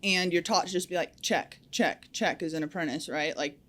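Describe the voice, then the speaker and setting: A woman's voice: lowish voice, steady tone, fast talker, fairly bright tone. A young adult woman who works as a lineman, talking candidly and outspokenly in a casual podcast interview, with frequent fillers. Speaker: powerline lineman guest.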